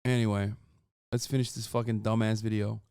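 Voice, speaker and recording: A man's voice: fairly low pitch, flat delivery, brisk, gravelly, a crowd in the background. A man in his thirties streaming, reacting to a video with profane, sarcastic ranting. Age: 30s. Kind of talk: casual livestream commentary.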